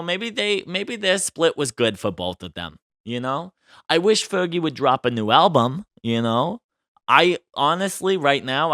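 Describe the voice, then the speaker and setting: A man hosting a podcast, chatting casually about celebrity gossip in an expressive way and ending many remarks with a quick tag question. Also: medium pitch, dry recording, clean studio sound. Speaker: podcast host.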